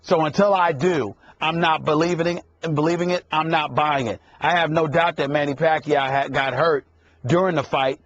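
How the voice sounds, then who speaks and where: Emphatic, repetitive sports debate host. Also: male voice, fairly high pitch, fairly even intonation, moderate pace, highs cut off. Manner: emphatic, repeats himself for emphasis, cuts in.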